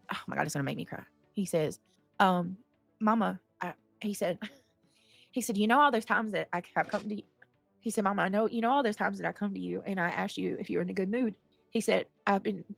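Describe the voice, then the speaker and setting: Gravelly woman ranting on a livestream. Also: mid-range voice, dry recording. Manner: rambling, repeats herself, grows angry and loud. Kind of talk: emotional livestream rant.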